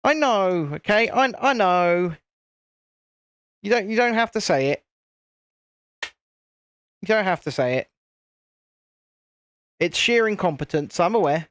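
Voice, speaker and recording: A man's voice: high-pitched, expressive, takes it slowly, long pauses, a bit bright, smooth, no room sound, clean studio sound. Chatty British man hosting a live stream. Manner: chatty, self-deprecating, easily flustered. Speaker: channel host. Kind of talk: casual live-stream chat.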